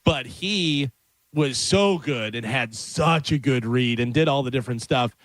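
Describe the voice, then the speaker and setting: A man hosting a radio show, chatting casually and telling animated stories with frequent laughs. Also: medium pitch, measured pace, no echo. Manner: animated storyteller, laughs often. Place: radio studio. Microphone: studio microphone.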